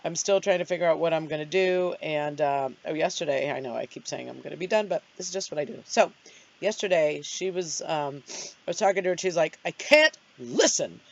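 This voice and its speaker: A woman's voice: deep voice, brisk, vocal fry, a little mellow. A middle-aged woman hosting her own vlog, chatting casually and rambling in a self-deprecating way. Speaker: vlogger host. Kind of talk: casual chat. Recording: dull lo-fi sound.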